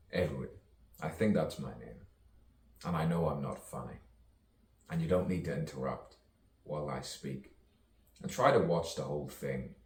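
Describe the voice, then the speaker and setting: A man with a very low, deep voice drifts through a slow, free-associating monologue, playing with rhymes and chuckling at his own lines. He sounds like he's sitting well back from the mic in an echoey room, with a faint hum of background noise. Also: darkish tone, recorded from a distance. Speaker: poet. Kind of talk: rambling stream-of-consciousness monologue.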